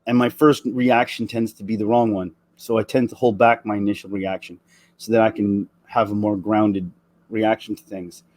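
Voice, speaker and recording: A man in his forties delivering an earnest, emotional opinion rant, halting and restarting his sentences. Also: lowish voice, level tone, a little mellow, no room sound. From Canada. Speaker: vlogger.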